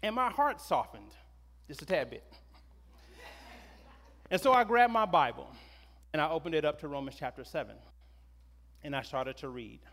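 A middle-aged man, a pastor, preaching a sermon in an animated, conversational storytelling way. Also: on the high side, moderate pace, long pauses, slight background noise. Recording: long reverb of a large hall.

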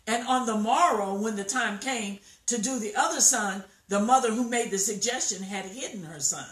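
A woman preaching a sermon, telling a story slowly and emphatically and acting out the quotes. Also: fairly high pitch, a bit bright. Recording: echoey room, voice from far off mic.

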